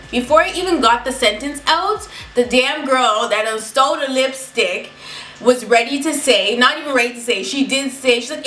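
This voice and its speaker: A woman telling a story in a casual, animated and profane way. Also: on the high side, moderate pace, a little hiss or hum. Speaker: beauty vlogger telling a story. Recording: echoey room, mic at a distance.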